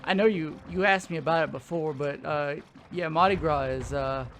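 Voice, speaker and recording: Man, high voice, rambling, full of fillers, casual chat. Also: normal speed, a bit bright, faint music behind. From Louisiana. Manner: rambling, filler-heavy, laughs often. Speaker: show co-host.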